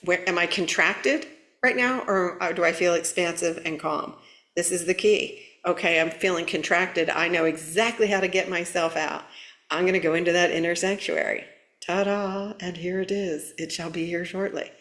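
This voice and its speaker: A woman's voice: on the low side, steady tone, normal speed, fairly bright tone. A woman hosting a spiritual channel, talking casually and playfully to her viewers, with frequent fillers and a habit of asking "right?". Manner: playful, laughing, many fillers and rhetorical "right?".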